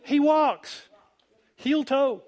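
High-voiced preacher, animated and playful. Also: male voice, extremely slow. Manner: animated storytelling, acts out quoted voices, wide swings in loudness. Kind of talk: humorous sermon.

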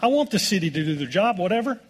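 A man's voice: high voice, very animated, quick pace, slightly rough. A middle-aged American man preaching a sermon as pastor, telling folksy stories with jokes. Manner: folksy, joking storytelling with laughs.

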